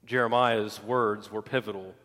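A man's voice: fairly low pitch, fairly even intonation, moderate pace, a bit bright. A male pastor preaching a sermon in a church, talking in a preacherly way that repeats phrases and restarts them. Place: church sanctuary. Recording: long hall reverb.

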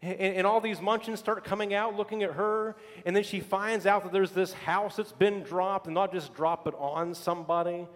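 A male pastor preaching a sermon, telling stories with lively emphatic repetition. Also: high voice, normal speed, few pauses, big-room sound. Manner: animated storytelling with emphatic repetition.

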